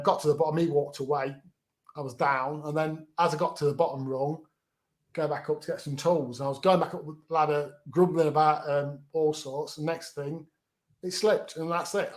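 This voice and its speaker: A middle-aged man, frankly recounting his own story as a guest in an interview, often restarting his words. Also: on the high side. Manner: frank, plain-spoken, repeats words as he restarts.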